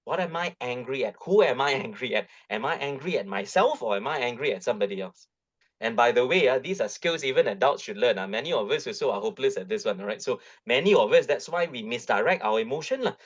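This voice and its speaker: Lively Malaysian English man, lo-fi audio. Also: medium pitch, fast talker. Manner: lively, coaxing, full of tag questions. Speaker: guest speaker. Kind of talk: webinar talk on parenting. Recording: dull lo-fi webinar audio.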